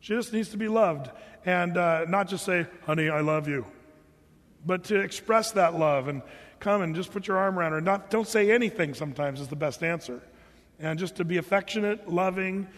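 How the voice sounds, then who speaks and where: A man's voice: fairly high pitch, fairly bright tone. A man preaching a sermon in a humorous, conversational way, with joking asides to the congregation. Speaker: pastor. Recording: long hall reverb.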